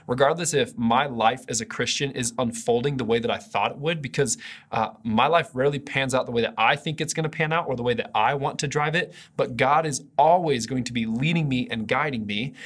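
A man's voice: medium pitch, brisk, a bit bright. A man giving a conversational video sermon as pastor, earnest and often restarting his sentences. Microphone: camera mic for an online video.

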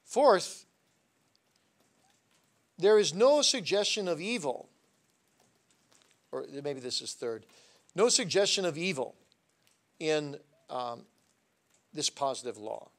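Lecturer, male, fairly high gravelly voice, animated classroom delivery. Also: slow, pauses often. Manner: animated storyteller, voice swinging from soft asides to loud emphasis. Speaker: seminary lecturer.

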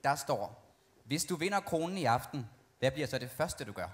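A man's voice: a little high, expressive, fairly quick, slight background noise. A man reading questions aloud plainly to pageant contestants. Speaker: question reader.

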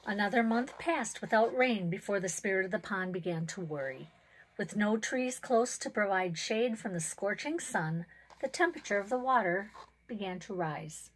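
A woman's voice: mid-range voice, poor audio. Give me a woman author reading a children's story aloud. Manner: expressive, measured storytelling.

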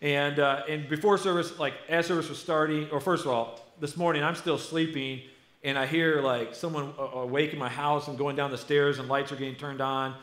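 Middle-aged American male pastor, animated and conversational sermon delivery, slightly high voice, roomy church echo. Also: normal speed. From United States. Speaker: lead pastor. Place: church sanctuary. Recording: echoey church hall.

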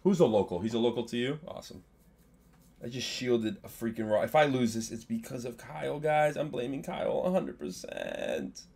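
A young man commentating his own live game stream, chatting with his viewers and swinging between low mumbles and loud outbursts. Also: normal speed, gravelly, husky. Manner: excitable, swings from mumbling to yelling, banters with chat.

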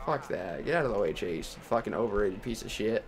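A man's voice: lowish voice, animated, a little fast, a little hiss or hum. A young man from Texas commentating his racing game career, talking his way through the race and ranting with profanity. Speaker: gaming channel host.

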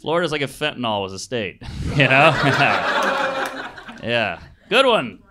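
A man performing off-the-cuff stand-up into a handheld mic, his voice sitting at an ordinary pitch. He works the crowd with blunt, crude jokes and keeps poking fun at himself. Audience noise is clearly audible throughout the live club recording. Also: sing-song, slow. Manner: blunt, crude, self-mocking crowd work. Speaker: stand-up comedian. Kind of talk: improvised stand-up set. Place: comedy club stage before a laughing audience.

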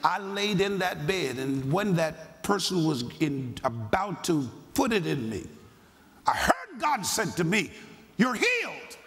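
An older man preaching a sermon as pastor, swinging between quiet storytelling and shouted fervor. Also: on the high side, very animated, a little slow. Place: large church hall. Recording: long hall reverb with congregation.

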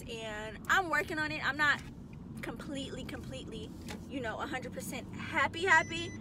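A woman's voice: sits high, noisy background. Chatty young woman vlogging from a car. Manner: chatty, upbeat, slangy. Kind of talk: casual chat to camera. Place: in a car, driving.

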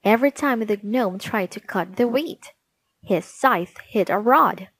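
A woman reading a children's storybook aloud, gently and clearly. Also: mid-range voice, animated, measured pace, no room sound.

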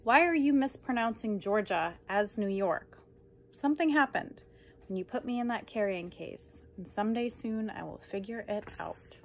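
A woman reading humorous poems aloud with deadpan, dry comic timing. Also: mid-range voice, normal speed, creaky, slight background noise. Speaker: reader.

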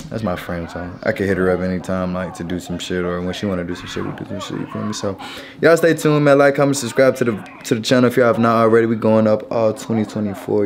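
A man hosting a casual vlog, laid-back and talking straight to his viewers. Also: lowish voice. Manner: laid-back, laughing, repeats "you feel me". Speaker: vlogger host. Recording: crowd noise behind.

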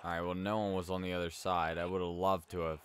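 A man's voice: sits low, level tone, quick pace. A young man giving laid-back, yawning commentary while playing a hockey video game, reacting aloud to each play. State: sleepy, yawning. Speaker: let's play gamer. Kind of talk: casual gameplay commentary.

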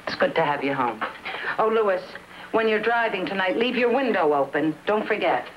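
A woman's voice: medium pitch, lively intonation, normal speed, dull audio, lightly acted. Lady playing a fed-up naggy wife, plain mid voice, old tv audio w/ lots of hiss. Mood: fussing. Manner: exasperated, nagging. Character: fed-up, fussing wife and sister. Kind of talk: 1960s TV drama acting. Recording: old TV soundtrack with clear hiss.

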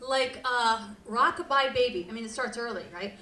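Bright-voiced woman hosting a storytelling show. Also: fairly high pitch, moderate pace, few pauses. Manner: animated, profane, laughing often. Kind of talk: live comic storytelling monologue. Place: live venue stage with audience. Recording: roomy live hall from far off.

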